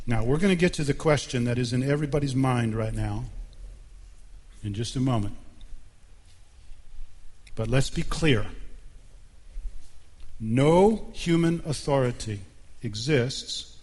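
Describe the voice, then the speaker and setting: A man's voice: mid-range voice, a little mellow. Man preaching in a reverberant church. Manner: emphatic, measured preaching with deliberate pauses. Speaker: pastor. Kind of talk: sermon. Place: church sanctuary.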